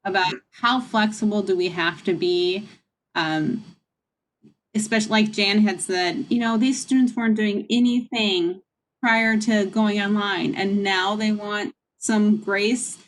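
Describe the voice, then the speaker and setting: A woman's voice: mid-range voice, fairly even intonation, unhurried. Chatty woman leading a video meeting. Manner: chatty, rambling, frank. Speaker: meeting leader. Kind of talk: casual meeting talk. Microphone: video call.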